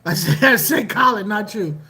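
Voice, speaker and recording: An aquarium channel host chatting casually on a livestream, animated and joking, often repeating phrases. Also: medium pitch, moderate pace, slightly rough.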